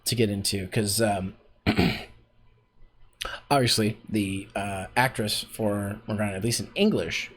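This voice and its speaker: A man's voice: on the low side, slow pace, breathy edge. A Canadian man with a Canadian accent, coaching voice acting in a rambling, chatty stream chat full of fillers. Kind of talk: casual streamed voice acting lesson.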